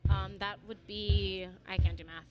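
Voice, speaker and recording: A woman playing a tabletop game, casual and deadpan. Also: mid-range voice, normal speed, lo-fi sound, over music. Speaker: player.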